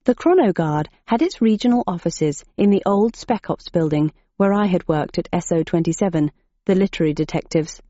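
An audiobook narrator, a woman with a low, mellow voice, reads a scripted story in an animated, fairly quick way. The recording is dull and muffled, with no room sound.

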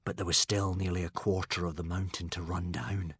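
Expressive male narrator, husky, dry close sound, lively dramatic delivery. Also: sits low, brisk, no echo. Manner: dramatic, dropping to a hush for suspense. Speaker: audiobook narrator.

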